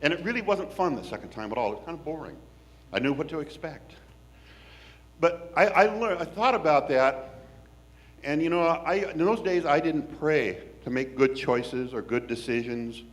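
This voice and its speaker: Male storyteller, from the Pacific Northwest; wry, folksy, very animated delivery with a slightly raised pitch. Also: normal speed. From Washington State, US. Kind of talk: personal storytelling.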